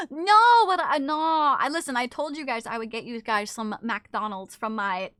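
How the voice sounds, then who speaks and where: Bright, high-voiced woman streamer chatting. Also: no room sound. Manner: playful, teasing, swears a lot. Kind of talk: casual live-stream chat, reading chat aloud.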